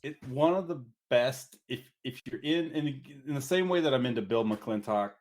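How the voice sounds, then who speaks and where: A man's voice: mid-range voice, moderate pace, darkish tone. A man co-hosting a podcast, chatting casually in a rambling, easygoing way. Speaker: podcast co-host. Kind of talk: casual chat.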